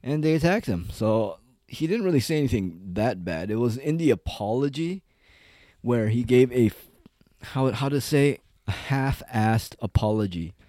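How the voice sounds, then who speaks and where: A man's voice: medium pitch, animated, moderate pace, dark tone, no room sound, studio quality. A man giving a casual, rambling, profane rant as an online commentator. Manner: profane, rambling, heavy on "like" and "dude".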